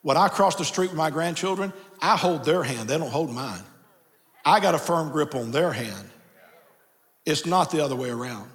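Older guy pastor preaching, kinda high voice, goes from near whisper to shouting, repeats himself, big echoey church. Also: expressive, normal speed. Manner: swings from soft near-whispers to loud shouted emphasis, repeats phrases. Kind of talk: sermon. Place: large church sanctuary. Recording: long reverb of a big church hall.

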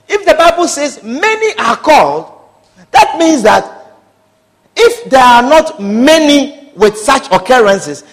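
A man preaching a sermon with passion, repeating phrases and calling out hallelujah and amen. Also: extremely high pitch. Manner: impassioned, repetitive, calls out hallelujah and amen.

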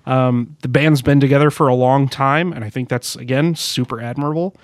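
A man's voice: mid-range voice, steady tone, fairly quick, no room sound, clean studio sound. A man co-hosting a casual podcast chat, joking, laughing often and reading quotes aloud. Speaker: podcast co-host.

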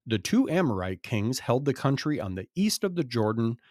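A man's voice: mid-range voice, big pitch swings, normal speed, darkish tone, no echo, studio quality. A man hosting a podcast, reading Bible passages aloud with emphatic commentary and the odd laugh. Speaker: podcast host reading scripture.

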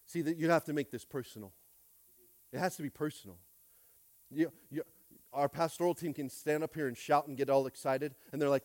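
Man, pastor, high voice, dry close sound, animated sermon, loud calls and quiet asides, conversational. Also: a little fast, no room sound. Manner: animated preaching, swinging from shouts to quiet asides; calls for response from the congregation.

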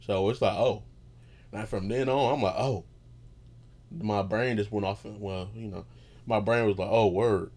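A man's voice: on the low side, steady tone, a little slow, pauses often, a little mellow. A man hosting his own show, talking in a loose, profane, meandering monologue that keeps losing its thread, recorded while lying in bed at home. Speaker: podcast host. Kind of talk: casual rambling monologue.

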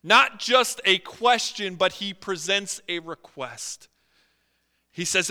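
Brief: animated pastor with a tense bright voice and lots of fillers, recorded in a reverberant church. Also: male voice, high-pitched, takes it slowly, clean tone. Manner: animated, acts out quotes, many fillers. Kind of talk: sermon. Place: church sanctuary. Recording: long hall reverb.

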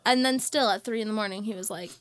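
A woman's voice: medium pitch, fast talker, no echo. A woman chatting casually and animatedly, laughing often. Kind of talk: casual chat.

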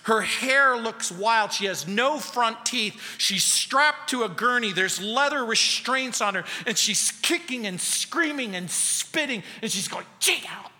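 A male pastor preaches in a bright, tense, fairly high voice, telling a story earnestly and dropping to near-quiet for emphasis. His words ring out with the long reverb of a church sanctuary. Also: expressive, takes it slowly, hardly any pauses. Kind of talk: expository sermon.

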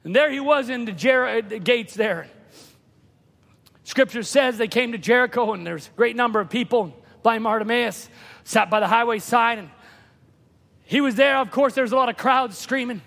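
A man preaching a sermon in a church, impassioned, swinging from hushed asides to shouting. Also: very high voice, moderate pace, vocal fry. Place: church sanctuary. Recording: long hall reverb.

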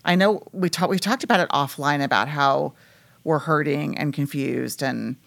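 Woman, 50s, low voice, podcast host, casual chat, agreeable, filler-heavy. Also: normal speed, vocal fry. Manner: chatty, agreeing, many "like"s.

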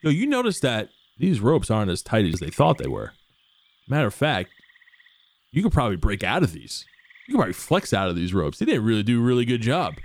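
A man's voice: medium pitch, huge pitch swings, fairly quick. A young man narrating as game master, casual and swearing, with lots of fillers.

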